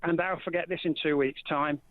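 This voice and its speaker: A man's voice: fairly high pitch, steady tone, fairly quick, no echo. A male caller on a phone-in radio show, talking in a heated way and repeating words when worked up. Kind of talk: phone-in call. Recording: tinny phone line.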